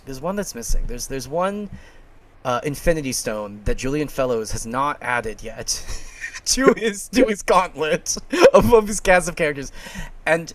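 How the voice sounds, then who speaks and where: Excitable, rambling man podcaster. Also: fairly high pitch, a little slow. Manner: excitable, rambling, laughs often. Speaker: podcast co-host. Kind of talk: casual podcast chat.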